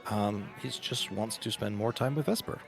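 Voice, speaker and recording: A man's voice: lowish voice, moderate pace, vocal fry, soft background music. A man narrating as game master of a tabletop game, laid-back and hesitant, full of ums.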